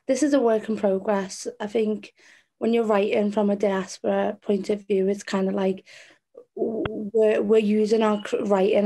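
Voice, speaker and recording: A woman with a Scouse accent, a poet performing spoken-word poetry and then talking about it in an earnest, measured way. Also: medium pitch, darkish tone. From Liverpool, England.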